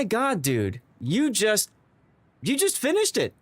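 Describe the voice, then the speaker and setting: A man's voice: high-pitched, huge pitch swings, takes it slowly, fairly bright tone, no room sound. A man streaming live to his viewers, emotional and stammering, repeating himself as he thanks them. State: tearing up. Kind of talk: excited live-stream chat.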